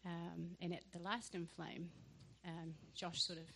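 Lively New woman telling a testimony. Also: fairly low pitch, unhurried, creaky. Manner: animated storyteller who acts out dialogue with laughter. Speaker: church member sharing a testimony. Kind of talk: testimony to a church group.

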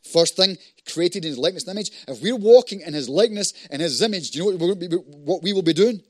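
A man preaching a fervent sermon, swinging between loud declarations and hushed prayer. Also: high-pitched, lively intonation, quick pace, hardly any pauses, no room sound, clean studio sound.

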